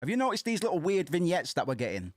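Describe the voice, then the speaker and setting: Excitable guy streaming a game. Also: on the high side, quick pace, dry recording, studio quality. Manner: excitable, swears, frequent restarts. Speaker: streamer playing through a game. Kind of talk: casual let's-play commentary. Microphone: desk microphone.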